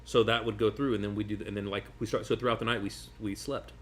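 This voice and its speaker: A man, a magician guest, telling stories in casual chat over food, rambling and animated with many restarts. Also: on the low side, fast, slight background noise. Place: sitting at a table over food.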